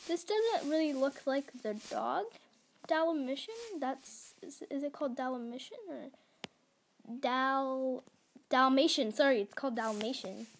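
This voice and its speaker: A woman's voice: sits high, unhurried, slight background noise. A young woman giving casual, giggly gameplay commentary, gushing and stumbling over words. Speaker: gaming vlogger.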